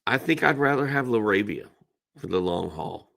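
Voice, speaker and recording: Speaking at a normal speed, a middle-aged man runs a relaxed live-stream Q&A on fantasy basketball, voicing viewer questions and answering with blunt, emphatic advice. His voice is on the low side, animated, creaky, and slightly bright.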